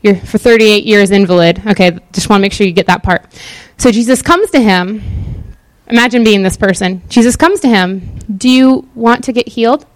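A woman giving a casual, sermon-style Bible teaching in a chatty, animated way with many fillers. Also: mid-range voice, moderate pace, no echo.

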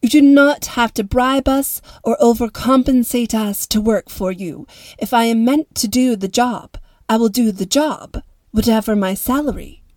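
A woman's voice: on the high side, a little mellow, no room sound, close to an everyday voice. Woman reading a firm, proud mother. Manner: firm and measured.

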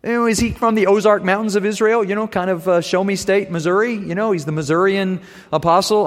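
High-voiced male preacher in echoing hall. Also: moderate pace, fairly bright tone. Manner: conversational, wry asides. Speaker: pastor. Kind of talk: sermon.

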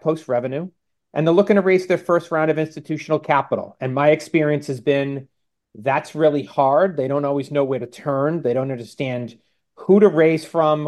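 A man's voice: mid-range voice, darkish tone. Confident man explaining as an interview guest. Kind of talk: interview answers.

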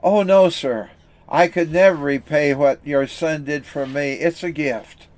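A man's voice: a little high, a little slow, a little mellow, lightly acted. A man voicing a humble young soldier. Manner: earnest, modest. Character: humble young male soldier bringing a gift.

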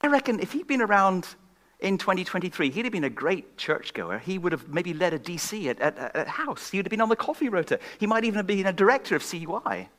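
A man preaching a sermon at a church gathering, swinging from loud emphatic questions to hushed, whispered lines. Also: high voice, animated, fast. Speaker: guest preacher.

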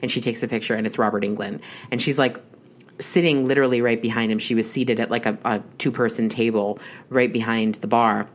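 A woman's voice: rumbling low, steady tone, fairly quick. A young adult woman telling a long, rambling personal story in casual chat, with many restarts and fillers. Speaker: horror podcast host.

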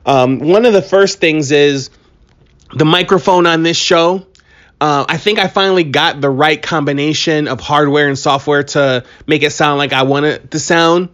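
A man hosting his own podcast in a casual solo monologue. He talks in an animated, joking, hyped-up way, and his voice sounds a bit strained from allergies. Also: a little high, normal speed. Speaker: podcast host.

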